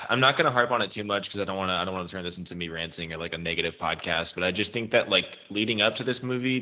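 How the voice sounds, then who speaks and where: A man with a bright, forceful voice sits at the mic for a casual podcast chat. He rants his opinions freely and swears often, and his voice sits a little low for a man. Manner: opinionated ranting with frequent swearing. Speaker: podcast co-host.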